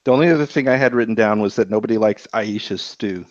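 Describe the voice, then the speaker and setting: A man's voice: lowish voice, fast, no room sound. Hesitant man on a lo-fi podcast mic. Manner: hesitant, many restarts and fillers. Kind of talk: casual podcast chat. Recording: dull lo-fi dry sound.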